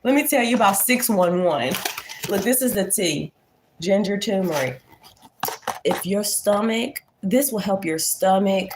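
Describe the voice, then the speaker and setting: A woman's voice: mid-range voice, measured pace, background noise. A woman vlogger chatting casually to her viewers, folksy and talkative. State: congested. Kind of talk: casual chat to camera.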